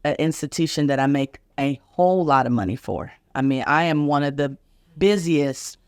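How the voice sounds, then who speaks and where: A woman's voice: low voice, normal speed, no echo, clean studio sound. A middle-aged woman physician hosting a podcast, earnestly and emotionally telling a vivid personal story and acting out the other people's voices. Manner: vivid, emphatic retelling, acting out each voice.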